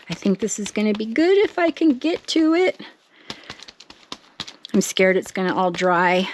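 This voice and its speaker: A woman talking casually to her viewers as she works on a craft project, chatty and thinking out loud, with excited bursts. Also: mid-range voice, a little hiss or hum. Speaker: craft vlogger.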